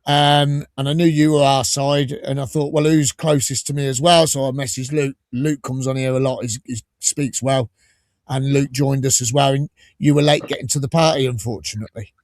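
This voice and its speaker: A man with an English Midlands accent hosting a casual fan podcast, chatting and telling stories in a lively way. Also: mid-range voice, moderate pace, no room sound, clean studio sound. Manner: chatty storyteller, lively and animated. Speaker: podcast host. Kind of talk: casual chat.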